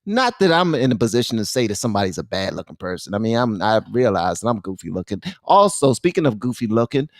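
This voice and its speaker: A man hosting a casual reaction commentary, playful and animated, talking straight to his viewers. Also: lowish voice, fast talker, hardly any pauses, dry recording, clean studio sound. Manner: animated, playful, talks to the audience directly. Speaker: commentary channel host.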